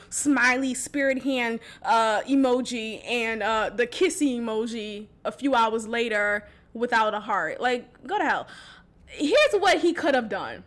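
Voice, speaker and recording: A woman hosting a casual solo podcast, talking candidly in an animated, slangy way with frequent laughs. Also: a little slow. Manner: drops soft and low when voicing a text message. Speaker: podcast host.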